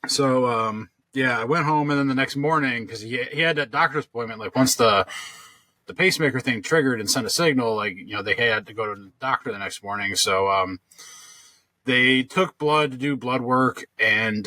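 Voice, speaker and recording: A man co-hosting a podcast rambles through a long story in casual chat, heavy on fillers and restarts. He has a mid-range, pushed and bright voice at a moderate pace, recorded dry.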